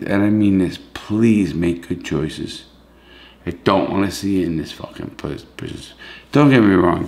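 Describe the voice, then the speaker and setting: A man's voice: sits low, creaky. A man, hosting a vlog, pleading in an emotional, profane rant. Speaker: YouTube host, former prisoner.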